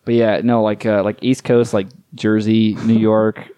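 A man's voice: on the low side, flat delivery, measured pace, dark tone, smooth, dry recording. A man from the southwestern United States chatting casually as a podcast co-host, rambling with many restarts and frequent swearing. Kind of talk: casual chat.

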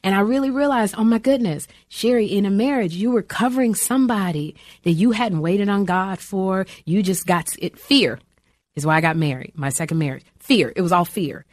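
A woman's voice: medium pitch, moderate pace, dry recording, studio quality. A middle-aged woman, an actress and comic, chatting in an interview and acting out the voices in her stories. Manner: animated storyteller, acts out quoted voices. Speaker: actress and comedian guest. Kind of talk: lively interview chat.

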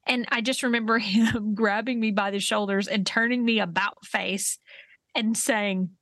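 A woman in her forties co-hosting a podcast, telling stories in a lively way and laughing as she talks. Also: mid-range voice, normal speed, no echo, studio quality. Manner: animated storyteller, laughs through her telling. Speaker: podcast co-host. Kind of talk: casual chat.

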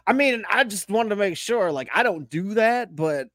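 A man with a fairly high voice rants bluntly about football, swearing as he goes. The sound is dry and close to the mic. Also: lively intonation, moderate pace, fairly bright tone, dry recording. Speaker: podcast co-host. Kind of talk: casual sports chat.

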